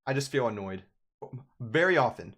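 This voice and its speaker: A man's voice: medium pitch, expressive, moderate pace, a bit bright. A young man in his twenties, a gaming YouTuber, ranting in casual, sarcastic commentary.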